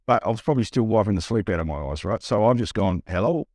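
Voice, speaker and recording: Animated Australian man telling stories. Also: on the low side, fast, no echo, studio quality. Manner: animated, acts out quoted voices, frequent restarts. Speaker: buyer's agent. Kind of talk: storytelling in a podcast interview.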